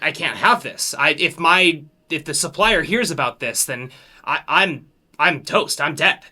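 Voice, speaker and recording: A man's voice: mid-range voice, pushed and bright. Nervous male pirate crewman, voiced by a man, stammering and flustered. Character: panicky male pirate crewman fretting over cargo.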